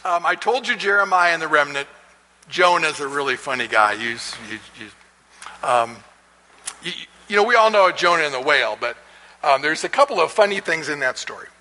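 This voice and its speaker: A man's voice: fairly high pitch, expressive, normal speed, pushed and bright, big-room sound, a little hiss or hum, poor audio. Chuckling man teaching a Bible class. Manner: chatty, chuckling, frequent restarts. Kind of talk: casual lecture with storytelling.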